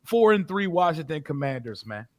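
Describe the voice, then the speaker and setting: Lively high-voiced man talking football. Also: moderate pace, no echo, clean studio sound. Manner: emphatic, slangy, profane. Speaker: Commanders fan panelist. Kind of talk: casual sports chat.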